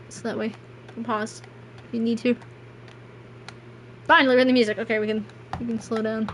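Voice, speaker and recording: Woman streamer, higher voice, rambling and self-deprecating over a game, faint room noise. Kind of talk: casual gameplay stream chat.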